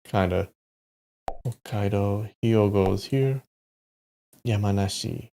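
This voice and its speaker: Gravelly, slow-talking male streamer. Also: fairly low pitch, dark tone. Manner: muttering place names to himself, with sudden frustrated outbursts and swearing. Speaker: live streamer. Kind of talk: casual live-stream commentary while playing a map quiz.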